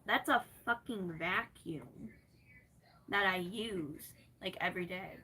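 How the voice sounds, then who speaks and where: A woman's voice: on the low side, slow, sharp tone, recorded from a distance, slight background noise. A woman live streamer ranting at her chat from her bedroom, sarcastic and swearing constantly. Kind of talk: angry rant to chat. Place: her bedroom, moving around.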